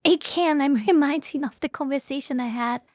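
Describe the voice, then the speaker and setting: High-voiced woman reacting, halting and dry. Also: dry recording. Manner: halting, restarts often, laughs at herself. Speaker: reaction streamer. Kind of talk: casual reaction commentary.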